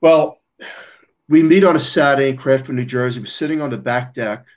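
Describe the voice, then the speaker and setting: A man's voice: medium pitch, a little fast. Guy telling a story on a podcast, acts out the quotes, kinda dull lo-fi sound. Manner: animated, acts out quoted dialogue. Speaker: guest. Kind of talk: storytelling in casual conversation. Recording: slightly dull lo-fi audio.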